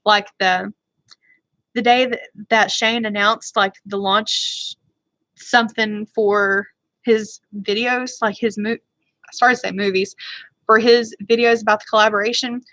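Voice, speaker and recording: A woman beauty vlogger chatting casually on a livestream, answering viewers in a rambling, fired-up way and talking fast. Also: mid-range voice, fairly even intonation, a bit bright, no echo, rough recording.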